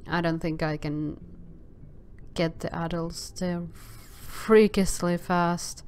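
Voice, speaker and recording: A woman's voice: lowish voice, fairly even intonation, slow pace, a little mellow, a little hiss or hum. A woman casually commenting on a video game as she plays, exclaiming often and stammering filler sounds when things go wrong. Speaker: gameplay commentator.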